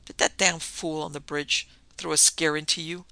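A man's voice: fairly high pitch, flat delivery, moderate pace, vocal fry, sharp tone, smooth, heavily acted. A man reading the part of a brusque, domineering wealthy husband who talks in curt commands.

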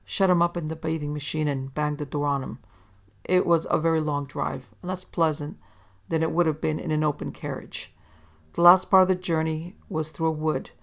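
Give me a woman narrating a story in a measured way, with a gravelly low voice. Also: fairly even intonation.

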